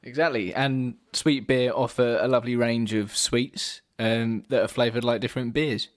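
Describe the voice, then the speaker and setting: A young man from England co-hosting a casual podcast, relaxed and deadpan, often trailing off quietly. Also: mid-range voice, normal speed, no room sound, clean studio sound. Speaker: podcast co-host.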